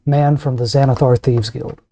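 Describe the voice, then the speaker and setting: A man's voice: mid-range voice, fairly even intonation, moderate pace, warm tone. A man running a tabletop fantasy game as game master, narrating casually over a voice call.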